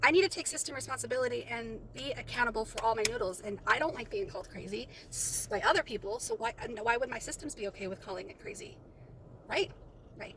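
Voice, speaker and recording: A woman's voice: a little high, lively intonation, quick pace, background noise. A woman talking through her notes in a casual, rambling way, often stopping and restarting her sentences. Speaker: vlogger. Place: in and around a parked car.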